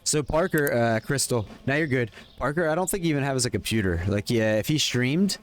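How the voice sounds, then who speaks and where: A man's voice: medium pitch, animated, a little fast, a little hiss or hum. A man live-streaming a game, chatting casually with viewers and calling out in-game orders between questions to chat. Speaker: livestreamer.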